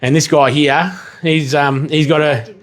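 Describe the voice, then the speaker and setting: Rambling chef on a livestream. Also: male voice, fairly high pitch, unhurried. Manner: rambling, swears casually, bursts into excited yelling. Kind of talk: casual livestream chat while cooking.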